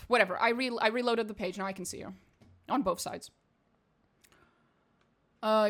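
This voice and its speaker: A woman's voice: a little high, fairly bright tone. A Portuguese-born woman whose English accent drifts between British and American. She streams games, reads game text aloud and comments in a rambling, profane way. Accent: mixed British and American English. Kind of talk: casual gaming stream commentary.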